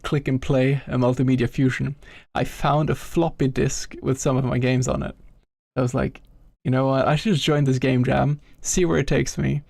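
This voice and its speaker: A man's voice: medium pitch, vocal fry, darkish tone, no echo, clean studio sound. A young man streaming live as a game developer, chatting with viewers, greeting them by name and muttering to himself while he works.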